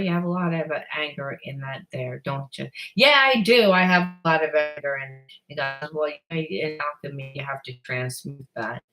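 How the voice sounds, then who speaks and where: Her voice sits low with a bit of brightness as this psychic reader does a spiritual card reading. Blunt and rambling, she swears offhandedly, repeats herself often, and restarts her sentences.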